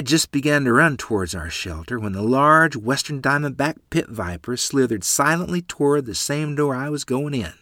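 A male narrator reads a first-person story aloud with an expressive storytelling touch. His delivery rises and falls in a lively way, and his tone is bright. The recording is close and dry. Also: mid-range voice, normal speed, hardly any pauses, dry recording.

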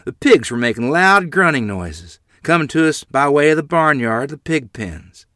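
Man, storytelling narration, animated pitch, dry close sound. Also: moderate pace, no echo.

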